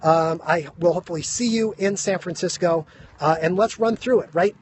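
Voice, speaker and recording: A man giving a fast, emphatic motivational talk on a phone live stream, out of breath, and he keeps asking "right?". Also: sits high, darkish tone, slight background noise. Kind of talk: energetic motivational talk to viewers. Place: high school grounds.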